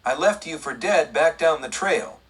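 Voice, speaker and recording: A laconic frontier lawman with an easy drawl, as a man reads him in an audiobook. The voice is husky and sits a bit back from the mic. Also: a little high, lively intonation, moderate pace, a bit bright, distant mic. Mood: dry, drawling.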